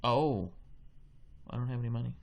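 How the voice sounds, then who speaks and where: A man's voice: mid-range voice, moderate pace, vocal fry, close to an everyday voice. A man voicing a whiny little boy who tattles, pleading and petulant.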